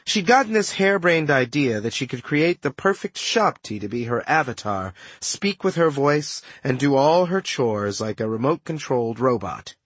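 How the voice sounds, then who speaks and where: A man narrating a first-person audiobook, telling the story lively with wry asides. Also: medium pitch, normal speed, few pauses, husky, no echo.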